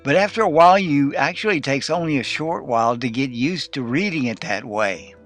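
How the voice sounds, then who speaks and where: A man teaching a recorded Hebrew class, explaining plainly and slowing down to sound out Hebrew words. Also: mid-range voice, a bit bright, faint music behind. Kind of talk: recorded lesson.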